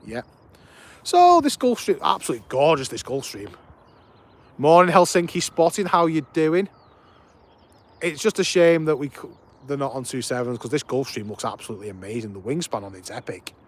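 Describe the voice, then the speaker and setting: Outdoors at an airport, a livestream host with an animated, mid-range voice chats with his viewers at a normal pace. Slight background noise is audible as he greets people by name and keeps up excited, casual commentary.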